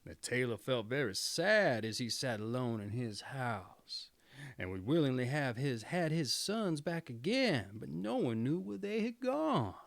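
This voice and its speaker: Male storyteller, fairy tale read-aloud, very lively pitch, unhurried. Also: vocal fry, no room sound. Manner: expressive, theatrical. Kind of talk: storybook reading.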